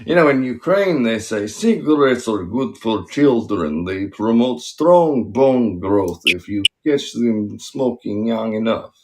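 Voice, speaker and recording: A man putting on a Russian accent, playing a deadpan Eastern European man. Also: on the low side, slow, few pauses, a little hiss or hum.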